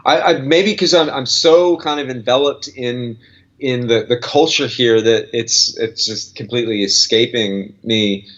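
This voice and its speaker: A man's voice: medium pitch, measured pace, fairly bright tone, dull audio. A man with an Australian accent, chatting as a guest musician in a casual interview, rambling with restarts. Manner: rambling, restarts, laughs easily.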